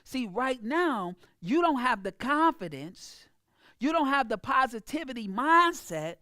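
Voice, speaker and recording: A woman's voice: high voice, sing-song, a little slow, sharp tone, no echo, studio quality. A woman business coach giving an emphatic, preachy motivational talk about sales, speaking. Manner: emphatic, preachy, acts out clients in a mocking voice.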